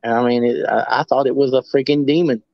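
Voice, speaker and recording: A man's voice: medium pitch, fairly even intonation, fast talker, creaky, dry recording, dull audio. A man telling his own stories as a guest, rambling with many restarts. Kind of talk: casual storytelling.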